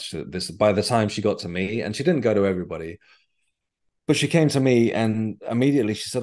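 Guest voice: man, low-pitched, rambling and chatty storyteller. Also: animated, fairly quick, darkish tone. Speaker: guest, medium and author. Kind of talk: casual interview chat.

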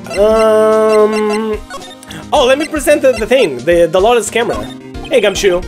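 A woman's voice: a little high, lively intonation, a little slow, music in the background. A woman streamer giving casual, rambling let's play commentary. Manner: casual, rambling, self-interrupting.

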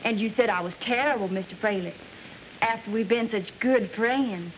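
A woman's voice: mid-range voice, moderate pace, slight background noise, close to an everyday voice. An actress playing a vain, pushy woman singer with a Southern accent, in theatrical 1940s film style. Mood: wounded, scheming. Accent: Southern American. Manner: huffy, indignant, theatrical. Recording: dull old film soundtrack.

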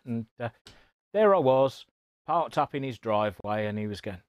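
A man's voice: medium pitch, animated, moderate pace, no echo. A man chatting casually as a guest presenter on a live stream from a radio repair workshop, full of teasing, joking banter.

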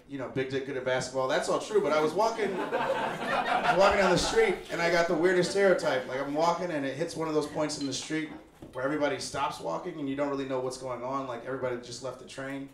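A man's voice: a little high, fast, slight background noise. A young man from Chicago doing a laid-back, wry stand-up set, acting out the people he talks about. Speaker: stand-up comedian. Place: small apartment living room with a live audience. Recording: roomy live recording with audience laughter.

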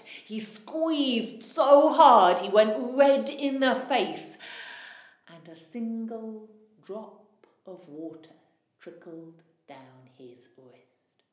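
A woman storyteller telling a folktale aloud in an animated way, swelling in loudness at the dramatic moments. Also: mid-range voice. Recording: echoey room.

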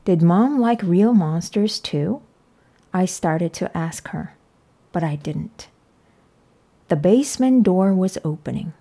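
Female read-aloud narrator for a children's book; slow, careful, mellow. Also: on the low side, animated.

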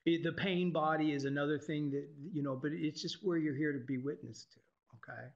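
A man's voice: fairly high pitch, steady tone, fairly quick. A man giving an informal, irreverent spiritual talk to a group, swearing freely and laughing often. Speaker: teacher. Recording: dull lo-fi recording.

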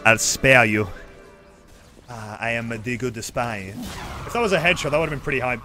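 A young man giving live, excitable commentary on his own gameplay as a streamer, swearing and yelling at the screen. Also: medium pitch, moderate pace, over music. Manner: excitable, swears a lot, yells at the game.

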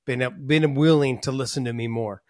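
A man's voice: mid-range voice, steady tone, normal speed, darkish tone, dry recording, studio quality. A man hosting a podcast in casual chat, friendly and calling his guest brother. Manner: friendly, calls guest brother, hypes up the sign-off. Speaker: podcast host.

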